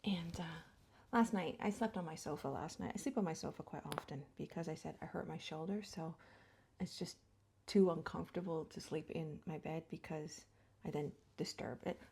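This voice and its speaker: A woman's voice: low-pitched, moderate pace, creaky, a little mellow, a little hiss or hum. A middle-aged woman chatting through a get-ready-with-me beauty vlog, rambling and laughing, sometimes dropping to a whisper. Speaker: beauty vlogger. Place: home.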